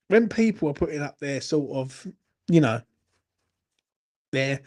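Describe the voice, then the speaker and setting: A man hosting a late-night fan Q&A, tipsy, swearing and ranting with laughing banter. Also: fairly high pitch. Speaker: fan channel host. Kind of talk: late-night live Q&A chat.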